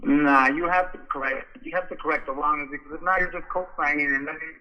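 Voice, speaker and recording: A man's voice: a little high, steady tone, fast, dull audio. A man, a boxing coach, talking casually in a podcast interview and rambling through stories with frequent restarts.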